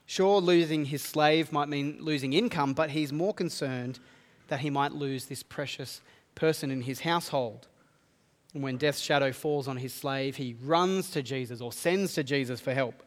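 A man's voice: medium pitch, normal speed. A man preaching a sermon, reading scripture aloud and explaining it earnestly. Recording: long reverb of a hall.

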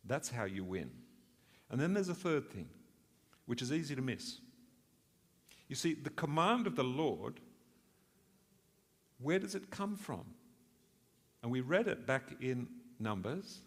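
A man's voice: mid-range voice, very animated, slow, long pauses, in a large hall. A man preaching a sermon in an earnest way, asking rhetorical questions and swelling for emphasis.

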